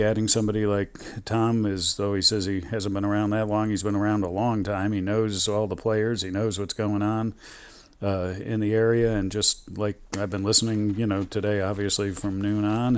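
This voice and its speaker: A man with a slightly low voice reminisces as a guest on a radio talk show. He speaks in a measured, reflective way and often stops to restart a thought, speaking from a radio studio. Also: flat delivery, a little mellow, smooth. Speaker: former radio station manager, guest.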